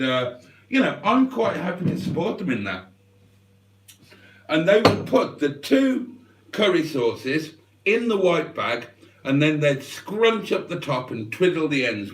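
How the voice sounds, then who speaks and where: A man spins a slow, meandering comic monologue for his livestream, dry and mock-serious. His pitch swoops up and down a lot as he talks. He sounds a little distant from the mic in an echoey room. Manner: deadpan, digressive, mock-serious. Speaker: livestream host.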